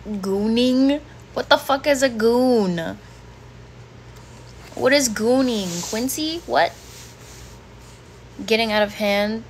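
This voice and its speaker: A woman in her twenties livestreams casually from her bedroom at home, reading chat comments aloud and reacting bluntly. Her voice is on the high side, and she takes her time with long pauses. There is slight background noise.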